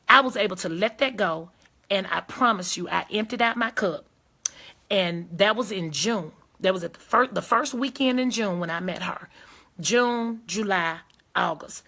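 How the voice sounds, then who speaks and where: Bright-voiced woman giving emphatic advice. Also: medium pitch. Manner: emphatic, preachy, talks straight to viewers. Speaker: host of a live advice video, lawyer and judge. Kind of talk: casual live-stream advice talk.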